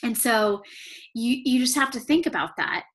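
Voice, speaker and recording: A woman leading a sales team, giving an energetic motivational talk, repeating phrases for emphasis. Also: on the high side, moderate pace.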